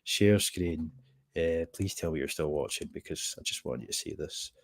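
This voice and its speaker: A man's voice: a bass voice, normal speed, no echo, clean studio sound. A Scottish man hosting a livestream, giving sardonic, rambling commentary and reading the chat aloud. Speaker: livestream host.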